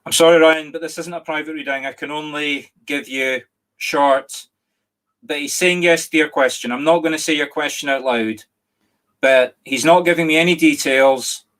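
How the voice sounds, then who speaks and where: A middle-aged Scottish man, a medium giving a live reading online, speaking gently and apologetically with many restarts and a catch of emotion. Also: a little high, fairly even intonation, moderate pace. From Scotland. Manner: emotional, near tears at times. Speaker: psychic medium.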